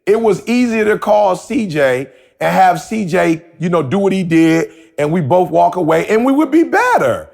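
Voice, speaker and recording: A man's voice: high-pitched, normal speed, vocal fry, few pauses, a little mellow. A man co-hosting a podcast, telling a story in casual talk and repeating himself as he goes. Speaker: podcast co-host.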